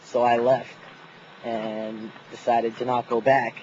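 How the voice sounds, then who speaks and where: A man's voice: mid-range voice, level tone, takes it slowly, a little mellow, highs cut off, a little hiss or hum. A young man telling a story outdoors in a casual, profane vlog, laughing often. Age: young adult. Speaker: vlogger.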